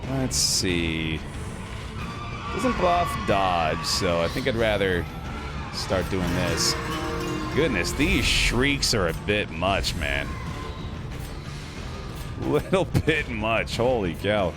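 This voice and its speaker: Laid-back, slow-talking male gamer. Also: fairly low pitch, very animated. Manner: joking, swears and laughs at himself. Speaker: gaming streamer. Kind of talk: casual gameplay commentary. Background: game music.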